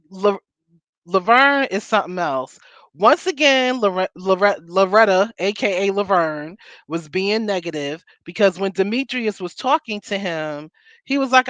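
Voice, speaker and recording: A woman's voice: mid-range voice, fairly bright tone, no echo. A woman co-hosting a podcast, chatting casually and animatedly about a reality show, repeating points for emphasis. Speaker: podcast co-host.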